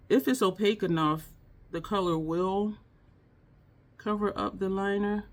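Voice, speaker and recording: A woman's voice: lowish voice, vocal fry. A woman filming a casual makeup tutorial at home, chatting to viewers with frequent laughs and teary eyes. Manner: chatty, laughs often, addresses viewers as y'all. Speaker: beauty vlogger.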